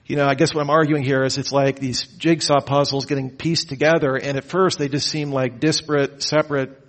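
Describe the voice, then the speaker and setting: A man teaching a Bible lecture, with a lively, questioning delivery and mock-incredulous asides. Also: medium pitch, a little fast. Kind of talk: lecture on the Gospels.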